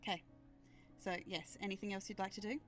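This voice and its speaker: A woman running a tabletop role-playing game, narrating events in a calm, matter-of-fact way. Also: medium pitch, fairly quick, faint music behind. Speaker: game master.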